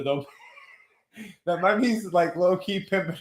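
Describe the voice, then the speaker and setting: A man in his thirties from Texas hosts a live chat show in a loose, slangy, swearing way. His voice sits a bit high. The sound carries a clear echo from a home room. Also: moderate pace. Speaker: host. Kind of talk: casual chat.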